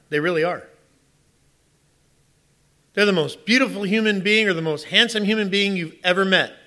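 A middle-aged man preaching a sermon, telling stories in an animated way and asking the congregation rhetorical questions. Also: high-pitched. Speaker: pastor.

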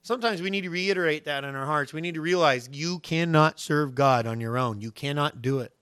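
A pastor with a slightly high, smooth voice preaches at a brisk clip. His sermon is casual and conversational, animated, and he keeps putting questions to his listeners.

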